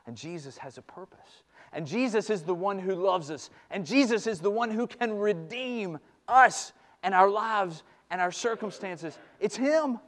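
A man delivers a sermon with a slightly high voice. He swings between quiet, searching passages and loud, fervent ones. He repeats phrases to drive the point home. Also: normal speed, few pauses. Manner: impassioned, swings from hushed to loud. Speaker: pastor.

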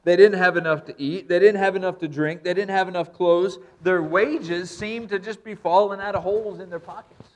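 A pastor preaching a sermon, reading scripture and repeating points with emphasis. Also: male voice, sits high, fairly even intonation, moderate pace, hardly any pauses.

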